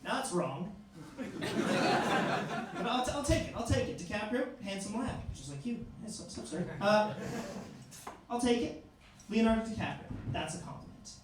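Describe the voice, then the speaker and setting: A man in his twenties doing a stand-up set in a comedy club, telling stories deadpan and acting out hecklers. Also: high-pitched, moderate pace, long pauses. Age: 20s. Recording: live club room, echoey, distant mic, audible noise and laughter.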